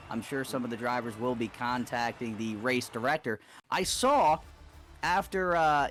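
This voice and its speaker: A man's voice: medium pitch, a bit bright. A male co-commentator talks through a sim-racing event live, stumbling over his words and leaning on fillers as he weighs up the drivers. Faint music plays under his voice. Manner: halting, repeats words, many fillers. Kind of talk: live esports race commentary.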